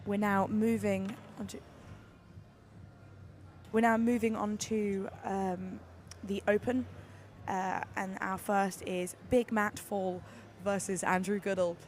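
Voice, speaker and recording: A woman doing live sports commentary, excitable and gushing, with lots of fillers and restarts. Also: medium pitch, takes it slowly. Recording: busy venue noise behind.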